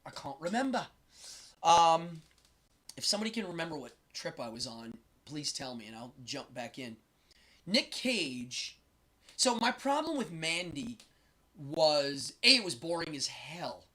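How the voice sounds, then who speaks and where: A man's voice: sits high, very animated, moderate pace, bright, forceful tone. A man hosting a casual live stream, chatting and rambling with strong opinions. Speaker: host.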